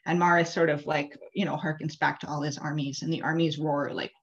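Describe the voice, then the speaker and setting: Woman interfaith leader, low voice, casual chatty sermon delivery, muffled video call sound. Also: flat delivery, a little fast, hardly any pauses. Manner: casual, chatty, many "like" and "uh" fillers. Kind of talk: storytelling sermon. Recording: dull lo-fi video call audio.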